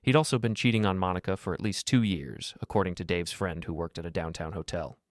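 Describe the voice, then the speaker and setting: A man narrating a first-person story in a steady, dry storytelling manner. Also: deep voice, fast talker, dry recording.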